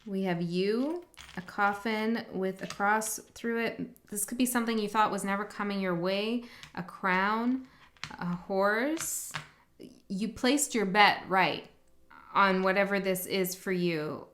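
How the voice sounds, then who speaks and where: A chatty woman reading tarot cards straight to her audience in an easy, casual way. Her voice sits at an ordinary middle pitch, and her talk is upbeat, with frequent laughs slipping into her sentences. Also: slow pace, a bit bright, a little hiss or hum. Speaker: tarot reader.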